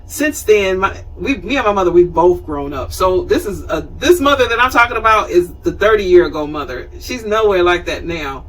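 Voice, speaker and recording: A woman in her fifties hosting a talk show, telling a personal story in an animated, conversational way and acting out scenes. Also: on the low side, moderate pace, hardly any pauses, far from the mic, rough recording. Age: 50s. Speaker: show host.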